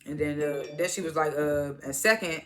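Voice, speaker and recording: A woman's voice: sits low, normal speed, a bit bright, a little hiss or hum. A woman casually recapping a TV episode, retelling scenes by quoting each character in turn and laughing at them. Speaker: TV show reviewer.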